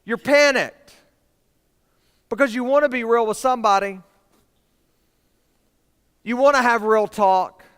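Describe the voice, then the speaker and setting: A man's voice: very high-pitched, unhurried, pauses often, a bit bright, smooth. A young man preaching to students, telling a personal story in a casual way full of "y'all" and "like". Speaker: youth pastor. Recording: hall reverb from a large room.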